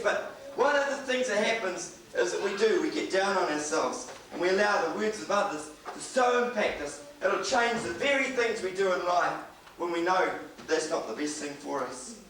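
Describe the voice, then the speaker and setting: A man's voice: sits high, animated, moderate pace, a bit bright. A man from New preaching a sermon in a church, earnest and conversational, often restarting his sentences. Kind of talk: sermon with anecdotes. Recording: echoey church hall from far off, faint noise.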